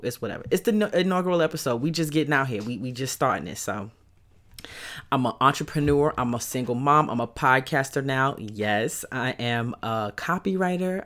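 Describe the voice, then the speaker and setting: Brooklyn-accented woman in her thirties hosting her own podcast, easygoing and excitable. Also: a bass voice. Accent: Brooklyn New York. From Brooklyn, New York. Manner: upbeat and chatty, with loud excited peaks. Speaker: podcast host. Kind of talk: casual solo podcast talk.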